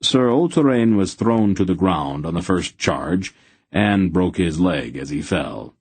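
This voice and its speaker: Audiobook narrator, man, deep and husky, slow, dry close mic. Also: no room sound. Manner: measured, steady storytelling. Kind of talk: scripted narration.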